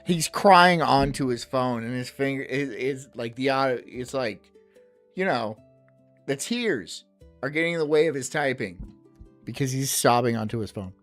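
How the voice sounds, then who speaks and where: A woman's voice: very deep voice, expressive, moderate pace, soft background music. A woman hosting a casual reaction stream who teases and jokes crudely. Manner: crude, teasing, giggly. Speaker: streamer host.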